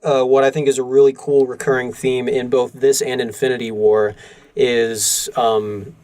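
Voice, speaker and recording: A man co-hosting a podcast, talking through ideas in a thoughtful, measured way. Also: mid-range voice, little pitch movement, darkish tone. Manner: thoughtful, measured, many fillers. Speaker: podcast co-host. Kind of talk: casual film discussion.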